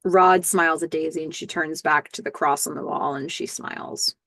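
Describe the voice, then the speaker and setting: A woman's voice: sits low, steady tone, moderate pace, sharp tone, dry recording, clean studio sound. A woman hosting a casual recap podcast, chattily walking through scenes step by step with the odd filler. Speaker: podcast host.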